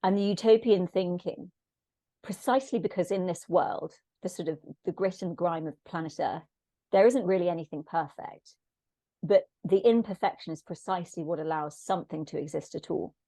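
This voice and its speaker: Low gravelly woman, reflective. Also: moderate pace, warm tone, no room sound. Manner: reflective, searching for words. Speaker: podcast guest. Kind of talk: thoughtful conversational discussion.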